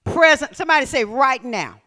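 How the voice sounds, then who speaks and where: A woman preacher delivering a sermon, reading scripture and building to shouted calls to the congregation. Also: sits high, lively intonation, normal speed.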